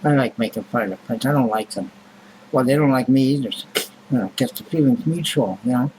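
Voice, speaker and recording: A man's voice: mid-range voice, a little fast, a little mellow, a little hiss or hum, low-quality recording. A man vlogging in a rambling, casual monologue, blunt and grumbling, with heavy swearing and many fillers.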